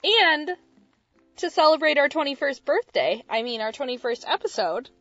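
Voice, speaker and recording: A woman co-hosting a podcast in casual chat, with dry, deadpan humor. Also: sits high, normal speed, no room sound, highs cut off, faint music behind. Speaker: podcast co-host.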